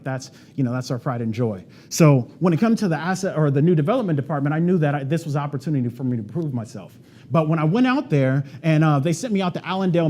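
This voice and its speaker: Fast-talking man giving a keynote story. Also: a little high. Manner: casual and animated, heavy on "like" and "right?". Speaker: conference presenter. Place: event stage before an audience.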